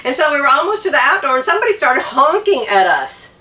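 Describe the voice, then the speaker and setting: An older American woman vlogs casually to her viewers, tearful from crying and laughing between sentences as she tells a story. Her high, sing-song voice is bright and forceful and moves at a quick pace. She sits a bit far from the mic in an echoey room.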